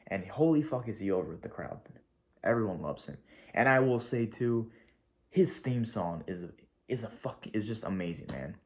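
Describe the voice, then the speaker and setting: In a casual video review, a man talks through a wrestling show, excitable and gushing, swearing freely and rambling with slang. His voice is lowish and he speaks at normal speed.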